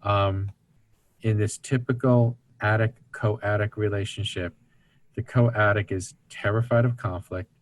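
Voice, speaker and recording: A man's voice: lowish voice, steady tone, a little slow, dry recording. A man speaking as an interview guest, explaining family dynamics in an earnest teaching tone and acting out the voices of people he quotes. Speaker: guest speaker on recovery ministry.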